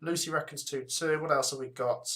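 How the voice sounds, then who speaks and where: A man's voice: on the high side, steady tone, pushed and bright. Chatty Coventry man hosting a football stream. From England. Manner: chatty, reads out names and scores briskly. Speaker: football watchalong host. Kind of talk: casual live-stream chat reading viewer comments.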